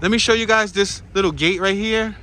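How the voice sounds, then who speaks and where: A man's voice: high voice, a little fast. Chatty man vlogging on a street. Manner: chatty, excitable, slangy asides to viewers. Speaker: walking tour vlogger. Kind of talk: casual narrated walking tour. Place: outdoors on town streets. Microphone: handheld camera on a gimbal. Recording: outdoor street noise.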